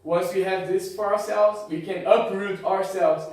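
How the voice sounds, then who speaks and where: Male preacher with a high voice, passionate and repetitive, heard from far off in an echoing church hall. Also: steady tone, unhurried, a little mellow. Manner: passionate, repetitive preaching with rising build-ups. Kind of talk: sermon. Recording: echoey hall, far from mic, music behind.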